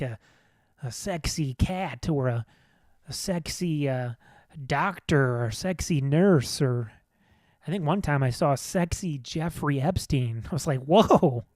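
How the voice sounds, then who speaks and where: A man's voice: medium pitch, a little mellow, no room sound, studio quality. A man hosting a casual solo podcast, rambling in an offhand, self-deprecating way from the back room of a comedy venue. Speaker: podcast host.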